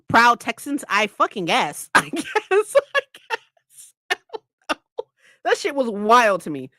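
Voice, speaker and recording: A young woman from California talks to her stream in a casual, animated rant, her high, bright voice swinging up and down a lot. She swears freely and keeps laughing. The sound is dry and close, with no room around it. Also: a little slow, long pauses, dry recording. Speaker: streamer hosting reading sprints. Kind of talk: casual livestream chat.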